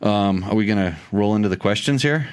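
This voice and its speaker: A man's voice: lowish voice, brisk, clean tone. A middle-aged man hosting a casual podcast, joking and teasing, often restarting his sentences. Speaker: podcast host. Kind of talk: casual chat.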